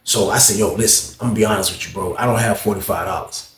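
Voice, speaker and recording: Animated New storyteller, echoey room. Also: male voice, fast, a little hiss or hum. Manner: acts out other people's voices, jumps high when excited. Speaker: storyteller recounting prison life.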